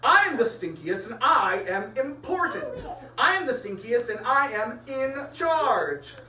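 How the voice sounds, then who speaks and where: A woman voicing a pompous, bossy male stink bug who speaks loudly and domineeringly in a storybook reading. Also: sits high, very animated, measured pace, pitched above the performer's own voice, exaggerated voice. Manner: loud and domineering. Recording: echoey room from far off.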